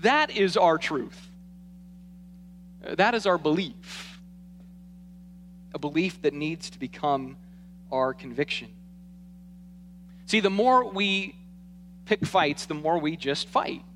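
A male pastor preaching a sermon, conversational with frequent "right?" tags, swinging between emphatic bursts and low asides. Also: slow, long pauses, slight background noise. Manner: animated, rising to emphatic bursts and dropping to asides.

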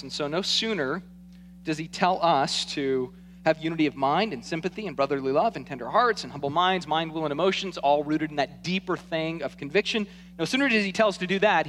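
A male pastor preaching a sermon, conversational with frequent "right?" tags, swinging between emphatic bursts and low asides. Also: a little hiss or hum. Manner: animated, rising to emphatic bursts and dropping to asides.

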